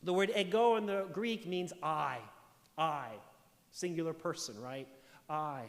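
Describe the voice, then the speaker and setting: A man's voice: fairly high pitch, measured pace, in a large hall. A man preaching a sermon as pastor, explaining scripture emphatically and posing rhetorical questions. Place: church sanctuary.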